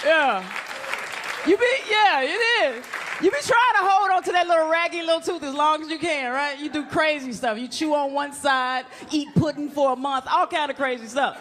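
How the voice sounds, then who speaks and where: On a club stage in front of a live crowd, a comedian with a high, fairly bright voice works at a moderate pace. She's brash and playful, acting out small scenes, with audience laughter and noise filling the recording.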